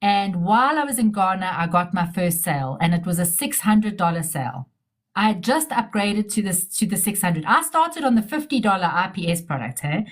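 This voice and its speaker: A woman's voice: mid-range voice, lively intonation, fairly quick. A middle-aged businesswoman, telling stories in a casual interview, chatty and repeating herself as she restarts sentences.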